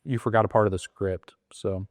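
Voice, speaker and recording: A man with a low-pitched voice explains a sales process in relaxed, casual chat. He slips into short acted-out lines from phone calls with sellers as he goes. The sound is dry and close, with no room echo. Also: brisk. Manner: acts out sales call lines in quotes. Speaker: real estate wholesaling coach.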